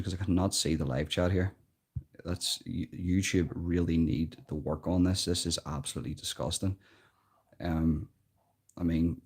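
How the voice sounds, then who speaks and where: An Irish man hosting a live stream, giving earnest, emphatic commentary and often repeating words as he thinks, recorded without a proper microphone. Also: deep voice. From Ireland. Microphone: built-in device mic, no external mic.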